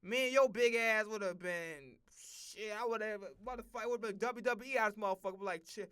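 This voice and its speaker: Man, streamer, bright forceful voice, dry close sound, profane animated rant, stammering restarts. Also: high-pitched, a little fast, clear, resonant tone, no echo. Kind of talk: casual reaction rant.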